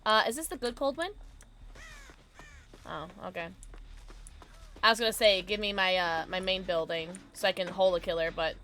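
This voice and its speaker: A woman streamer chatting casually during a gameplay livestream, reacting loudly and reading chat aloud. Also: medium pitch, moderate pace, long pauses. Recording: steady background noise.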